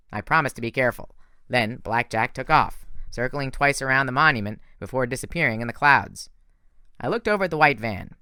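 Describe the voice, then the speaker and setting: A man reading a fan audiobook in a lively, casual first-person narration. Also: medium pitch, fairly quick, clear, resonant tone, dry recording, clean studio sound. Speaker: audiobook reader.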